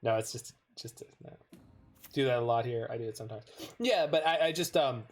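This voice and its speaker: This game streamer, a North American man, has a medium-pitched voice and speaks a little fast. While he plays a card game and chats casually with his viewers, he keeps drifting into long, meandering anecdotes.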